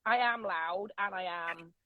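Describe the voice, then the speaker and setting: A middle-aged woman, a loud and unapologetic storyteller chatting as an interview guest from her vintage bus. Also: fairly low pitch, a little slow, no room sound, phone-quality sound. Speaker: podcast guest. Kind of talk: casual interview chat.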